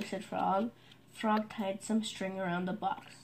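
A woman's voice: medium pitch, little pitch movement, unhurried, gravelly, darkish tone, a little hiss or hum. A woman at home reading a children's storybook aloud, carefully and steadily. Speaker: storybook reader.

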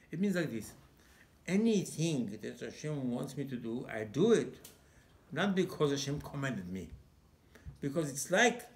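A male rabbi giving an emphatic sermon, full of rhetorical questions and broken English. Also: mid-range voice.

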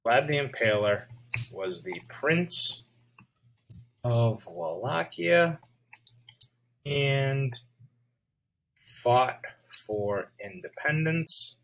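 A male teacher giving a lesson video, speaking slowly and checking in with his students. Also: mid-range voice, expressive, vocal fry, fairly bright tone, a little hiss or hum, poor audio. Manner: slow, checks in with "all right?".

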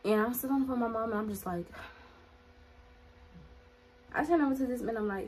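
A woman telling a personal story to her viewers in a casual vlog, animated and chatty, filling her talk with "like". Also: a little high, a little fast, long pauses, poor audio. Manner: animated, chatty, heavy use of "like", talks straight to viewers. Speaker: vlogger.

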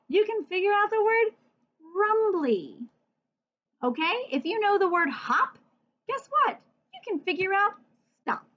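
A woman leads a children's phonics lesson, sounding words out bit by bit and encouraging her young listeners with questions. Her voice sits high and swoops up and down with lively expression, and she takes her time. The recording sounds dull and lo-fi, like home video audio. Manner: sounds words out slowly, letter by letter. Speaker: teacher.

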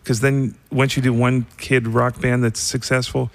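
A man in the middle of the usual pitch range co-hosts a podcast. He chats easily and adds his own memories to the guest's stories, in a relaxed, conversational way. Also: normal speed, vocal fry, in a large hall, a little hiss or hum. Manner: chatty, builds on the guest's stories. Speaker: podcast co-host. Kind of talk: casual interview chat.

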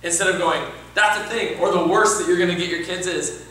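A man co-teaching an improv workshop, emphatic and quick to act out examples. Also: sits high, steady tone, fairly bright tone. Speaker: improv coach. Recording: echoey room, far from mic.

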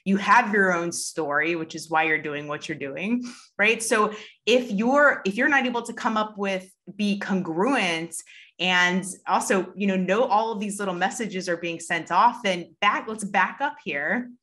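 A woman hosting an interview, enthusiastic and talking in quick, rambling restarts. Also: medium pitch, sharp tone. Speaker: interview host. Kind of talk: conversational interview.

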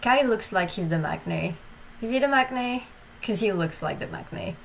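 A woman's voice: medium pitch, expressive, normal speed, vocal fry, a little hiss or hum, rough recording. A woman hosting a reaction video, talking casually with hesitant ums and gushing, emotional remarks.

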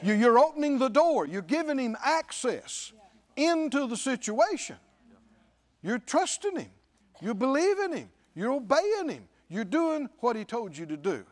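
Animated high-voiced male preacher. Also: unhurried. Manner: emphatic, repeats phrases and quotes scripture. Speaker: pastor. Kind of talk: sermon.

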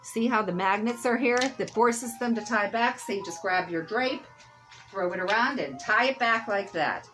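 A woman's voice: medium pitch, normal speed, a bit bright, soft background music, low-quality recording. A middle-aged woman hosting a live sale stream, chatty and rambling, laughing at her own jokes.

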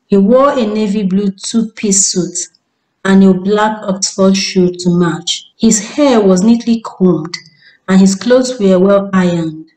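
A woman storyteller giving a measured, descriptive scripted narration. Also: mid-range voice, dark tone, poor audio.

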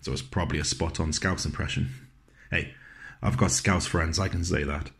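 Deep-voiced man telling a monologue. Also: steady tone, normal speed, gravelly, fairly bright tone. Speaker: actor performing a monologue. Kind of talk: scripted dramatic monologue.

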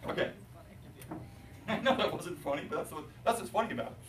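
A male chemistry teacher lecturing his class, animated and jokey, asking students questions. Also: on the high side, fairly quick, very noisy. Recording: roomy, distant classroom recording.

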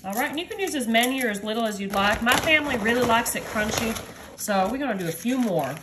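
High-voiced chatty woman cook. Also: lively intonation, fast, background noise. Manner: chatty, upbeat, addresses viewers as y'all. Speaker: home cook host. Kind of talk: casual cooking demo.

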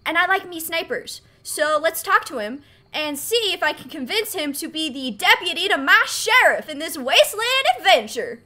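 A woman's voice: extremely high pitch, very animated, moderate pace, few pauses, bright, forceful tone. A woman hosting a game playthrough, playful and goofy in her commentary. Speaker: gaming video host. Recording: voice over game music.

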